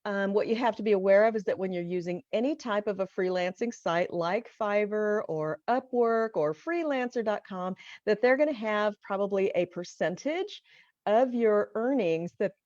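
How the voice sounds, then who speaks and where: A woman's voice: medium pitch, moderate pace, darkish tone, no echo. A middle-aged woman coaching online in a chatty, encouraging way, often checking in with her listeners. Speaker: online business coach teaching voiceover. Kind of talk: casual teaching to camera. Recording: dull, dry home recording.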